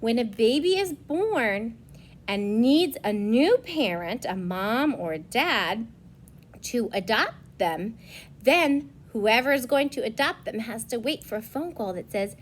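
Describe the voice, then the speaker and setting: A young woman, a preschool teacher, reading a picture book aloud to children and explaining it in simple words. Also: a little high. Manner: slow, explanatory, expressive storytelling.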